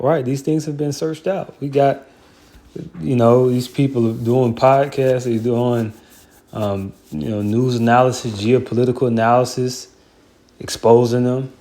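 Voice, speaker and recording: A man with a dark, mellow voice talks through scripture in a loose, heated way. He swears freely and circles back with lots of fillers as his indignation builds. His delivery stays mid-pitched and conversational. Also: fairly even intonation, unhurried. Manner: heated, profane, rambling with many fillers. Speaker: Bible commentator. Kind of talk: casual scripture commentary.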